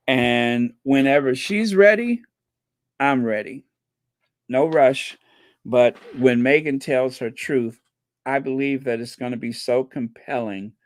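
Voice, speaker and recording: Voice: medium pitch, dry recording. A channel host giving commentary on viewer comments, emphatic and repeating key points for effect.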